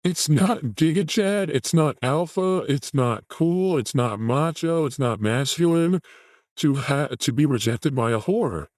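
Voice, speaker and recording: Male host, higher-pitched, animated crude mockery, dead-dry room. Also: measured pace, no echo. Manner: mocking, crude, ranting. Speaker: host reacting to a video clip. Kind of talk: commentary on a clip.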